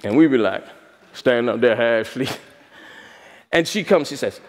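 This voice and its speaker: In a church hall with long reverb, a male pastor preaches a sermon in an animated, mid-range voice at a moderate pace. He tells stories and asks the congregation questions.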